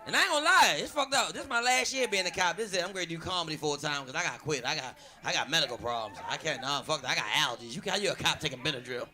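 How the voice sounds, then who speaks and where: On a comedy club stage, a man hosts the show and does a stand-up set, loud and animated, swearing freely and acting out every quote. His voice is on the high side and very fast, with hardly any pauses, and audience noise fills the recording.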